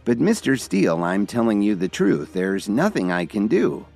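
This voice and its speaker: A man playing a young doctor in an audio story, low voice kept formal and stiff. he delivers grim news reluctantly, polite over hidden irritation, with soft music beneath. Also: very animated, normal speed.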